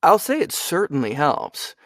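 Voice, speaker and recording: A man's voice: a little high, measured pace, dry recording, clean studio sound. A young adult man, a voice actor, chatting casually in an interview with lots of fillers. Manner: animated, chatty, frequent fillers. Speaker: voice actor guest.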